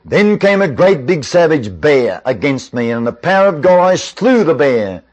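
A man's voice: fairly high pitch, sing-song, normal speed. A man voicing a bold young shepherd boy in a told Bible story, asking earnest, indignant questions in his own everyday voice. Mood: confident.

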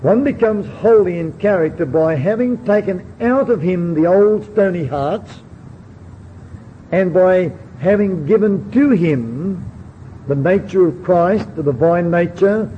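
A man's voice: sits high, measured pace. A man preaching a sermon, earnestly putting questions straight to his listeners. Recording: dull lo-fi recording with faint hiss.

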